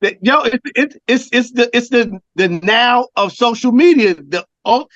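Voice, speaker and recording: A man co-hosting a podcast who talks in a halting way, repeating words while he thinks, in casual chat. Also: very high-pitched, lively intonation, a bit bright, no echo, dull audio. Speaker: podcast co-host.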